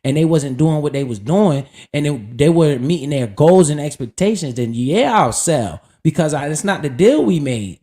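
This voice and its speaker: A man's voice: on the high side, warm tone. A man streaming live, casually talking about investing in a profane, hyped and preachy way.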